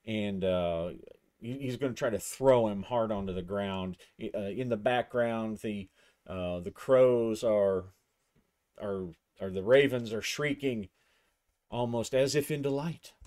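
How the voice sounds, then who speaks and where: Slow, thoughtful man narrating a solo game. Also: fairly low pitch, darkish tone. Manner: thinking aloud while describing action and dice rolls.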